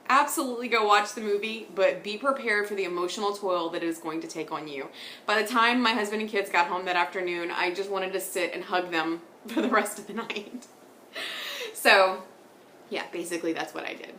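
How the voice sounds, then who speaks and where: A woman's voice: on the low side, a little fast, pushed and bright, reverberant, slight background noise. A woman in her thirties hosting a knitting podcast, chatting casually and rambling, laughing often. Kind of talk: casual chat. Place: home sitting room.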